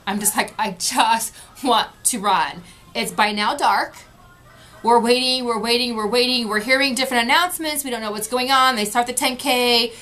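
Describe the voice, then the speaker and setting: A woman's voice: a little high, steady tone, a little fast, sharp tone, faint music behind. A woman vlogger recapping an event in casual talk, frustrated and retelling what people said. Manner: frustrated, retelling with quoted voices.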